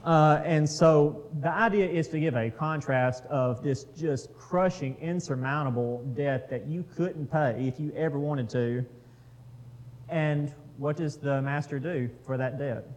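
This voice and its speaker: A man's voice: fairly high pitch, unhurried, a little mellow, slight background noise, low-quality recording. A man leading a casual Bible study, talking with the group, putting questions to them and reading scripture aloud.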